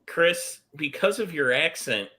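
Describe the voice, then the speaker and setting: A man's voice: on the high side, big pitch swings, a little slow, sharp tone. A man in casual chat, teasing a friend in an amused way.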